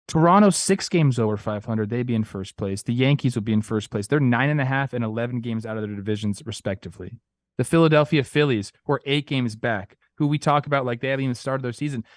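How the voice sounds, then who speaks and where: A young man co-hosting a casual sports talk show, animated and playful, acting out quotes in goofy voices. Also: medium pitch, no room sound, studio quality. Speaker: podcast co-host.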